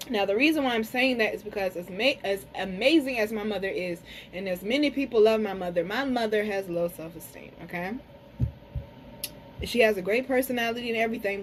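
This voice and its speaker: A woman giving a casual card reading to camera, talking frankly to her viewers, cursing freely and slowing down to say some words carefully. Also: mid-range voice, a little hiss or hum, poor audio. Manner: frank, chatty, curses freely, addresses viewers as y'all. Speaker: tarot and spiritual reader.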